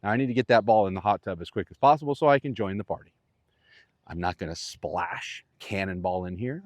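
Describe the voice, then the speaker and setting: A man giving an on-course golf lesson outdoors, coaching in a playful, animated way with vivid imagery. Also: fairly low pitch, dry recording, studio quality. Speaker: golf instructor.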